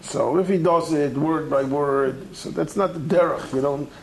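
A man with a fairly high voice speaks a little slowly as he teaches Talmud, conversational and animated, acting out quoted texts. The recording is rough, with a little hiss or hum.

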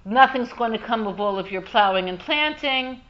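A woman's voice: on the high side, expressive, normal speed, muffled recording, natural voice. A woman voicing a male stranger in a retold story, announcing news urgently. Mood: grim. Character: passing stranger, a man bringing news.

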